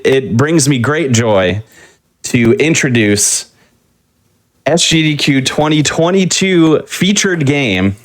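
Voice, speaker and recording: A man hosting a livestream show, chatting casually and plugging the schedule in an upbeat way. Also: medium pitch. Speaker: show host.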